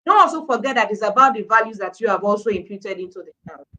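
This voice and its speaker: Middle-aged Nigerian-accented woman, emphatic guest speaker, bright forceful tone. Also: mid-range voice, lively intonation, fast talker, rough recording. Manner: emphatic, repeating points for stress. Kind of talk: live-stream talk show discussion.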